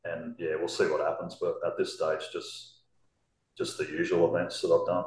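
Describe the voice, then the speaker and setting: A man as a podcast guest, talking casually and hesitantly with many pauses and ums. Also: low voice, flat delivery, a little mellow. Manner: hesitant, lots of ums, matter-of-fact. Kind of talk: casual chat. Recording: echoey room.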